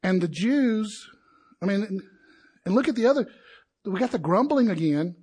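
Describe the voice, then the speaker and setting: Husky high-pitched guy preaching a sermon, really animated, does the crowd voices. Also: moderate pace. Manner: animated, acts out crowd voices with rising indignation.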